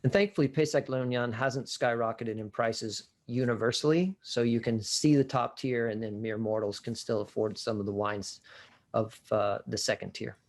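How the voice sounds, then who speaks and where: A man's voice: mid-range voice, steady tone, normal speed, darkish tone. A man with a mid-range voice co-hosts an easygoing wine talk. He describes flavors eagerly and in vivid detail. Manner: descriptive, enthusiastic tasting talk. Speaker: wine show co-host. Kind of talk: casual educational wine chat.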